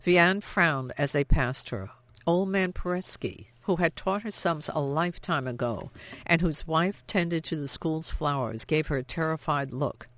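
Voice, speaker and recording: An audiobook narrator reading a novel in a measured, even storytelling manner. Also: mid-range voice, no echo. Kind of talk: scripted narration.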